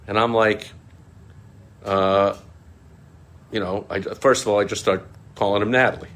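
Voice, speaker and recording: A middle-aged man with a very low, deep voice tells a story in a casual vlog. He talks in a lively, animated way and chuckles often. At times he slips into mocking high quoted voices. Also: unhurried. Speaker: small business marketing consultant, show host.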